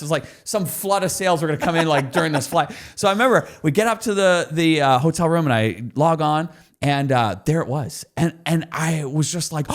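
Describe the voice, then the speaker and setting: A man's voice: a little high, brisk. A man guest on a podcast, an enthusiastic storyteller explaining business lessons. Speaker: guest expert.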